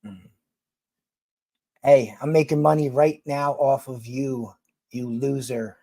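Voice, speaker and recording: A man's voice: medium pitch, fairly even intonation, takes it slowly, mellow, no echo. A man from New York City with a Philadelphia accent, chatting casually with viewers on a livestream in a blunt, rambling, profane way.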